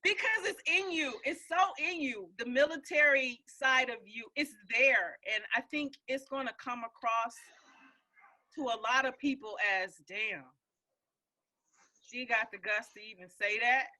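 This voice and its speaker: Woman host, lively and forceful, animated pep-talk delivery on a group call. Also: fairly high pitch, unhurried. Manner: emphatic, encouraging, animated. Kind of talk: casual group call chat.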